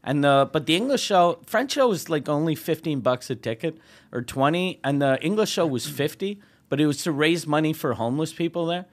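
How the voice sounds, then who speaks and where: A man's voice: on the high side, animated, fairly quick. A male comedian and podcast host telling a story in a casual, profane way, laughing as he goes. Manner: profane, laughing as he tells anecdotes.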